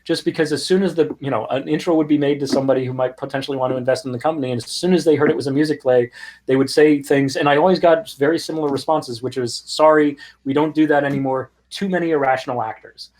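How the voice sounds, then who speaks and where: Middle-aged guy on a video call, kinda high voice, telling stories and doing little voices for everyone. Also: very fast. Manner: animated anecdotes with quoted voices and laughs. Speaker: guest, music startup founder. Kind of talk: conversational storytelling.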